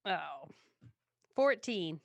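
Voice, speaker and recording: A woman's voice: on the low side, very animated, extremely slow, creaky, no room sound. Laid-back woman player, dry sound. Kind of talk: casual chat at a game table.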